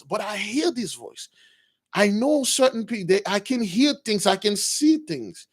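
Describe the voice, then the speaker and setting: High-voiced, animated street preacher. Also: male voice, unhurried. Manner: animated, slangy, bursts of shouting. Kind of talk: informal religious storytelling.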